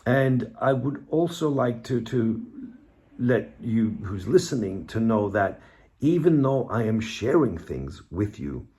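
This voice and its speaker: A bereaved father speaking in a personal video monologue from the hallway of his home, halting and reflective, with restarts and pauses. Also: mid-range voice, sing-song, dark tone.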